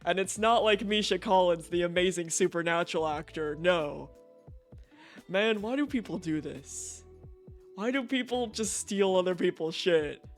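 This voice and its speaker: Young guy streamer with a high voice, swearing and ranting, faint music behind. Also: a little slow. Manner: profane, animated ranting with frequent "right?" asides. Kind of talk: casual storytelling on a game stream.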